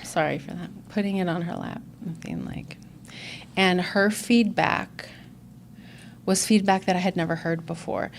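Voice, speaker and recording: A woman's voice: on the low side, a little slow, gravelly, slight background noise. Earnest woman sharing her recovery story. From Chicago area, USA. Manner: earnest and candid, acts out quoted dialogue. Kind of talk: personal testimony talk.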